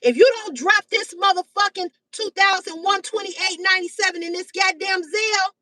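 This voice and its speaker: A woman in her fifties hosting a live stream, talking bluntly and loudly with heavy cursing. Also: very high voice, moderate pace, no echo, recorded from a distance, low-quality recording. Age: 50s. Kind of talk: profane casual live-stream rant. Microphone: phone or webcam on a live stream.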